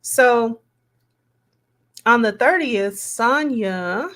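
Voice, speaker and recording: A woman's voice: a little high, animated, fairly bright tone. A woman reading text messages aloud and commenting on them in a casual, musing way. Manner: slow, musing, reads quotes aloud with asides.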